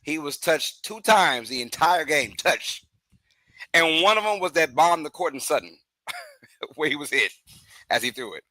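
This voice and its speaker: A man co-hosting a casual sports podcast, animated and laughing, sometimes rising to shouts when riled up. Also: fairly high pitch, a little slow, pauses often, no room sound. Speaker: podcast co-host.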